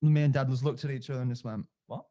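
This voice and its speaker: Fast-talking young man telling a story. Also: medium pitch, steady tone, dark tone, lo-fi sound. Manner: candid, crude humor, acts out quoted voices. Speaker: guest. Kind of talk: casual storytelling.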